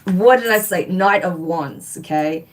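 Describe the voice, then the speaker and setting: A woman's voice: lowish voice, unhurried. Gushing woman tarot reader, live stream. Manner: gushing, enthusiastic, talks straight to the viewer.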